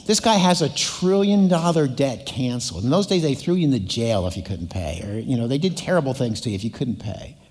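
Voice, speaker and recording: A man preaching a sermon as pastor, telling stories with acted voices and prompting the congregation to answer. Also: high-pitched. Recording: hall reverb.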